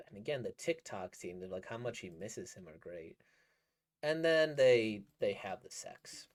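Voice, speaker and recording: A man's voice: lowish voice, animated, measured pace. A man giving casual, rambling commentary as he reacts to a manga he is reading, enthusiastic and laughing often.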